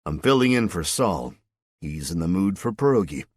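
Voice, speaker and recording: A man's voice: low voice, sing-song, moderate pace, no echo. Man as a wry, dry-humored farmer. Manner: dry, wisecracking.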